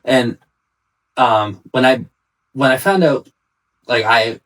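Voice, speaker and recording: A man's voice: medium pitch, takes it slowly, fairly bright tone, low-quality recording. A man and father in a casual podcast chat, telling stories in a loose, rambling way full of fillers. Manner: rambling storyteller, heavy use of "like".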